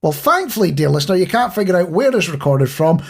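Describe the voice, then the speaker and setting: A man's voice: high voice, big pitch swings, fast talker, gravelly, husky. A Scottish man co-hosting a podcast, chatting casually with a playful, mock-conspiratorial manner. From Scotland. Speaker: podcast co-host. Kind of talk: casual chat.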